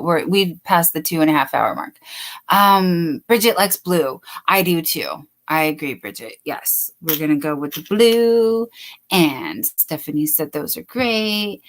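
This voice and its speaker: A woman hosting a casual late-night crochet livestream, chatting and reading viewer comments aloud. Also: lowish voice.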